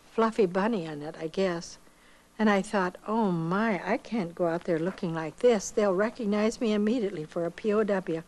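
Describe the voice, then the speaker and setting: An older woman from the United States telling a personal testimony slowly and reflectively, acting out the voices of the people she quotes. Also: mid-range voice, poor audio. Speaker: missionary giving testimony.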